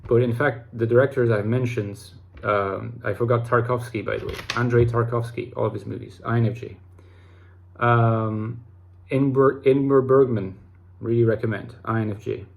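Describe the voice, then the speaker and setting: A man at mid pitch talking to his online audience, thinking aloud as he goes. He meanders, doubling back on words and trailing into fillers. The pace is relaxed and reflective rather than polished. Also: normal speed, vocal fry. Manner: rambling, with many restarts and fillers. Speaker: YouTube host talking about personality types. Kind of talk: casual talk to camera.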